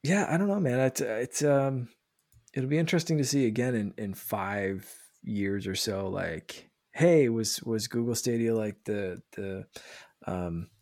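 Casting: male podcast host, gravelly voice, dry close sound, rambling casual delivery. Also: on the low side, a little slow, a little mellow, no echo. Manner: rambling, many fillers and restarts. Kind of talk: casual chat.

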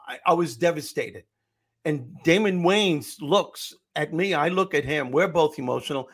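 A middle-aged man, a comedian and motivational speaker, telling animated stories as an interview guest. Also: a little high, moderate pace, husky. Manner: animated storyteller, acts out quotes. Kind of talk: storytelling interview answer.

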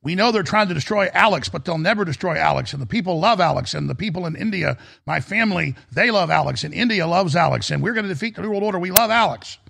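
A man putting on the voice of an excited male shopkeeper who adores him, speaking higher than usual and gushing. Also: fast talker, few pauses, full character voice. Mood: adoring. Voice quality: gravelly. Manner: gushing, raised pitch.

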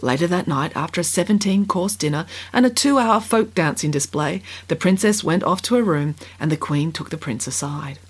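A woman telling a comic fairy tale aloud, with wry, deadpan asides. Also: fairly low pitch, moderate pace, few pauses, slightly rough. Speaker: storyteller. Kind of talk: comic storybook narration.

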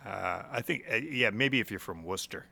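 A man's voice: fairly low pitch, expressive, fairly quick, vocal fry, sharp tone, dry recording. A young man co-hosting a podcast in casual chat, joking, laughing often and stumbling over repeated words. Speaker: podcast co-host.

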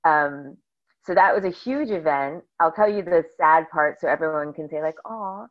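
A middle-aged woman from northern New Jersey, a bubbly, animated guest telling stories in a casual interview. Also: sits low, normal speed. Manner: bubbly, animated storyteller who acts out quotes. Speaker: podcast guest. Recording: slightly dull lo-fi audio.

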